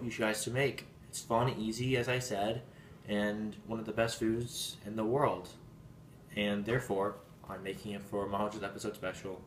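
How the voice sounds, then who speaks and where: A young man hosting a casual home cooking show in a goofy, rambling, playful way. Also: on the low side. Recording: echoey room with background noise.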